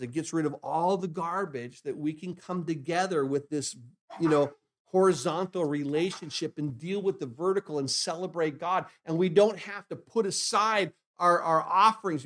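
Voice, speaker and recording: A man preaches to his congregation, answering his own rhetorical questions and repeating key phrases. His fairly high voice drops to near hushed lines, then climbs into loud, emphatic bursts. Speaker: pastor. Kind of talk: sermon.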